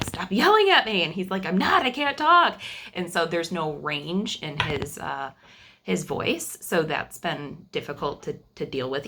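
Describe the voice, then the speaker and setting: A woman's voice: deep voice, fairly bright tone, slight background noise. A young adult woman telling her family's story to camera in a casual, chatty way, with frequent fillers and restarts.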